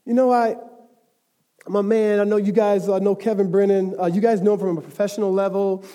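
A man with a high but mellow voice preaches to his congregation. He talks in an easy, chatty way and builds to passionate, emphatic stretches. His voice rings with a long reverb in a church sanctuary. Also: level tone, fairly quick. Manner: conversational, rising to emphatic passion. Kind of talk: sermon.

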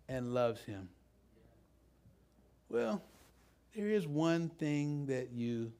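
High-voiced, animated male preacher. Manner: conversational, animated, asks the congregation questions. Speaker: pastor. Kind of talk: sermon. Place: church with a live congregation.

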